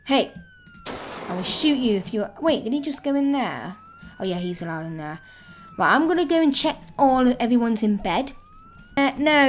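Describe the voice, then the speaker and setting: A woman hosting a gaming video, chatting excitedly and thinking aloud as she plays. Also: a little high, slight background noise. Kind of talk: casual let's-play commentary.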